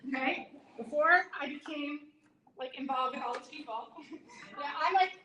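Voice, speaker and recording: A woman giving a live workshop talk to an audience, animated and acting out other people's lines in a higher voice. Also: normal speed, a little hiss or hum. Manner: animated, acts out her mother's lines in a higher voice. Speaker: workshop presenter. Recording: echoey room, far from the mic.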